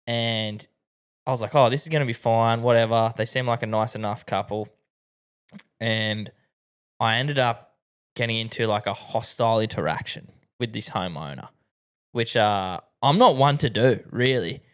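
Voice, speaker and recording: A man's voice: lowish voice, moderate pace, clean tone. A young Australian man co-hosting a podcast, talking in a blunt, sweary, exasperated way. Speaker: podcast co-host. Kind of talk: casual chat.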